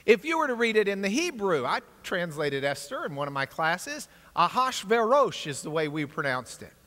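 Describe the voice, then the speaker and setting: A man teaching a Bible class in an energetic, animated lecture style, with asides to his class. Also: on the high side, brisk. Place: large church classroom. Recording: long hall reverb.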